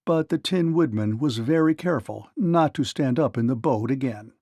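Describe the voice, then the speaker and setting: A man narrating a children's read-along story in an animated storytelling manner. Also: mid-range voice, moderate pace.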